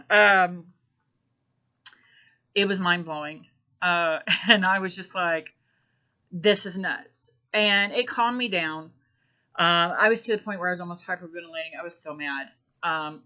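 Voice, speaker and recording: Woman, bright tense voice, halting storytelling full of ums, dull lo-fi recording. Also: lowish voice. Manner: halting, many ums and restarts. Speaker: spiritual vlogger. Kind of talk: personal storytelling.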